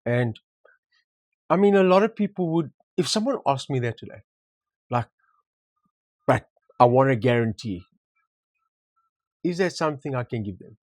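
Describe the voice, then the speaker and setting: A man's voice: fairly high pitch, very animated, fairly quick, pauses often, a little mellow, dry recording. A man co-hosting a property discussion, talking casually and reflectively, telling anecdotes and repeating words for emphasis. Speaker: property market co-host. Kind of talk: casual conversation.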